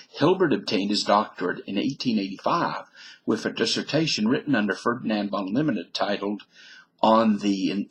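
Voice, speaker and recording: A man's voice: lowish voice, a bit bright, slight background noise, poor audio. A man reading a mathematician's biography aloud who keeps breaking off into wisecracking asides and comments on his own reading.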